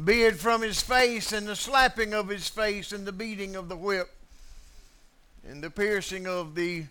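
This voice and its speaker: A man preaching a sermon, swinging between loud declarations and hushed asides, and repeating key phrases for emphasis. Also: sits high, clean tone.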